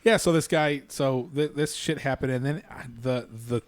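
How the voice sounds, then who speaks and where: A man's voice: mid-range voice, normal speed, no room sound. A man with a mid-range voice rants during a casual comedy podcast. He restarts his sentences often and mocks what others say. The sound is dry and close. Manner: ranting, restarts, mocking voices.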